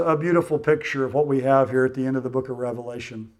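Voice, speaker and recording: A man preaching a sermon, earnest and measured, often dropping quietly at the ends of phrases. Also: medium pitch, steady tone. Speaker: pastor.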